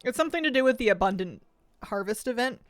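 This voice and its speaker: A woman's voice: on the high side, expressive, fast talker, dry recording. Chatty woman streamer, dry close sound. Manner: chatty, thinks aloud while eating and playing. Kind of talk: casual live-stream gaming chat.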